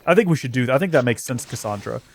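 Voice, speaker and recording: A man's voice: mid-range voice, lively intonation, very fast, creaky, no room sound. A man hosting a let's play, giving chatty, joking gameplay commentary with self-mocking asides.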